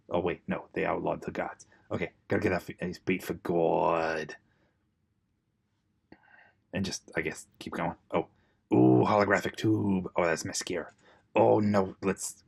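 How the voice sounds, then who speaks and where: A man's voice: low voice, measured pace, vocal fry, slightly rough. A young man improvising a sarcastic, rambling voice-over for his wife's makeup video, with mock-tutorial asides.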